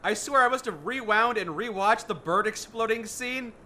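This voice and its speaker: A man co-hosting a gaming video, chatting casually with animated, playful teasing. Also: high voice, normal speed, a little hiss or hum. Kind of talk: casual chat while gaming.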